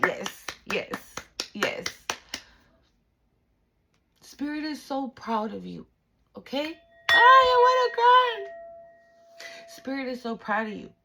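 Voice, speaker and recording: A woman in the middle pitch range reads tarot for her viewers at a slow, unhurried pace. She speaks directly to the viewer, dropping slang and frequent swear words as she stresses her points. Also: vocal fry, a little hiss or hum. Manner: emphatic, slangy and profane, talks straight to the viewer. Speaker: tarot reader. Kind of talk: spiritual tarot reading to camera.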